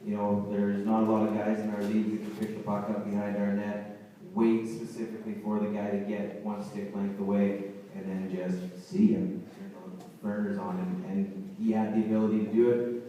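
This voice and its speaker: A man with a fairly low, monotone, mellow voice speaks at normal speed, the recording muffled. He's a hockey head coach rambling through an improvised banquet speech with fillers and restarts, captured by a distant mic in a very echoey hall with faint room noise.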